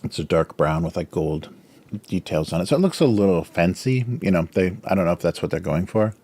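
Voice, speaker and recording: Low-voiced guy on a home livestream, chatty and rambly, mouth full of snacks, chuckles a lot. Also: lively intonation, a little fast, darkish tone. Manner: filler-heavy, chuckles often. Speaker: livestream host, cartoonist. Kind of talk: casual livestream chat.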